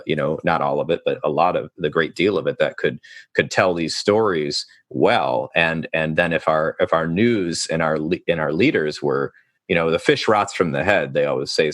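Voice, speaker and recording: A man's voice: sits low, normal speed, fairly bright tone, dry recording, studio quality. A male therapist hosting a podcast interview, talking in a thoughtful, rambling way with many fillers and restarts. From United States.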